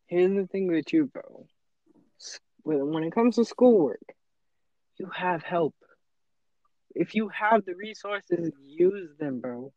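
A man's voice: sits high, animated, slow pace, long pauses, a little mellow, no room sound, highs cut off. A teenage boy in casual chat, earnest and motivational, often acting out his own inner voice. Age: teens. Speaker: podcast co-host.

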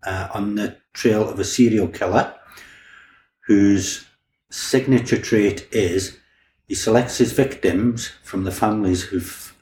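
A man's voice: lowish voice, steady tone, slow pace, a little mellow, a little hiss or hum. A man, a crime novelist, chatting easily in a podcast interview and often restarting his words. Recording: roomy echo, faint background ambience.

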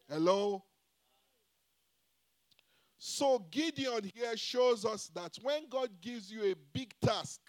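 High-voiced man preaching a sermon. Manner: call-and-response, repeatedly asking the congregation "Hello?"; emphatic with swings in loudness and pace.

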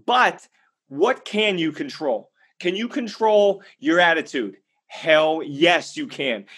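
A man's voice: fairly high pitch, fairly bright tone. A man giving a motivational monologue, telling a story in an emphatic, blunt way and answering his own rhetorical questions. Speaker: motivational speaker.

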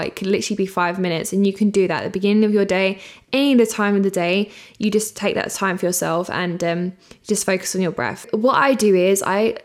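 A young woman hosting her own podcast, talking in a casual, enthusiastic, chatty way with lots of fillers. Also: mid-range voice. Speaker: podcast host. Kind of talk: casual solo podcast chat.

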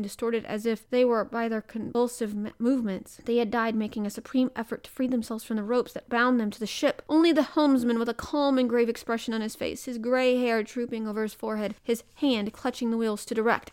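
A woman reads a classic adventure novel aloud at a measured, careful pace. Her voice sits a little high, and she stumbles over a word now and then. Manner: measured, careful reading with small slips. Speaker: reader.

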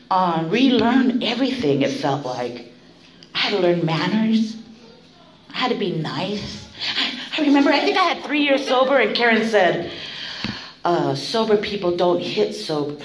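A woman's voice: mid-range voice, very animated, moderate pace. A middle-aged woman shares her story at a recovery meeting, blunt and full of swearing. Her voice rises and falls widely as she laughs her way through it. The room around her sounds echoey.

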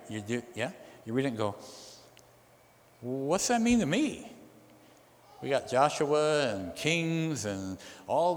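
A man preaching a sermon as pastor, asking his listeners questions and acting out what they might say. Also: medium pitch. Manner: animated, asks the congregation questions. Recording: long reverb of a large hall.

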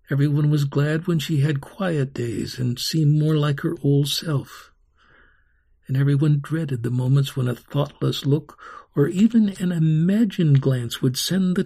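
A man reading a story aloud in a slow, rhythmic, expressive way, voicing sound effects himself. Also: a little high, gravelly.

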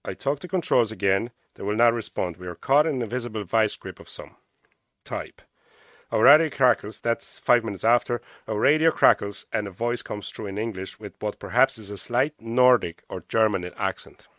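An Irish-accented man hosts a podcast, reading aloud from a diary with stumbles and casual asides. His voice sits on the low side with a fairly bright tone and moderate pace, and the studio-quality recording has no room sound.

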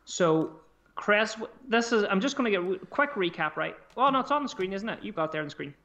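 A man's voice: high-pitched, expressive, a little fast, bright, forceful tone, highs cut off. A man co-hosting a casual podcast chat, swearing freely as he talks through his squad choices aloud. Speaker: podcast co-host. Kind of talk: casual fantasy football chat.

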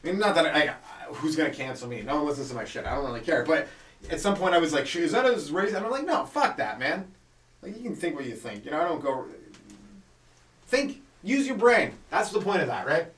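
A man's voice: on the high side, lively intonation, brisk, a bit bright, reverberant, distant mic. A man doing a loose, profane comedy podcast monologue, full of rhetorical questions. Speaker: stand-up comedian podcast host.

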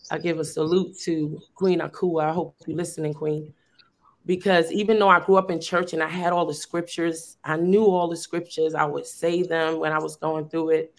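A woman, a teacher, talking earnestly and at length over a video call, with lots of fillers and restarts. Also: sits low. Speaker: teacher and youth program founder. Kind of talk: casual conversational sharing.

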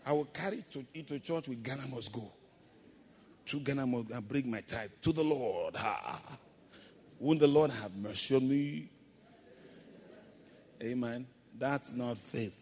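Booming preacher in an echoing hall. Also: male voice, unhurried, pauses often, a little mellow. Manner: preaching with call-and-response and playful acted asides. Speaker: pastor. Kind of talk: sermon.

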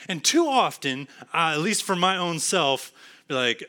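Bright-voiced Texan pastor preaching. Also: male voice, a little high, very animated, unhurried. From Texas. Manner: earnest preaching, swings from emphatic to hushed. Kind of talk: sermon.

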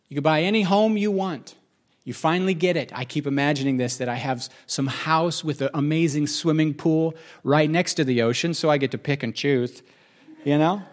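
Guy with a high voice preaching, chatty and jokey, tosses little asides at the crowd. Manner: conversational and joking, with asides to the audience. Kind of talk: sermon.

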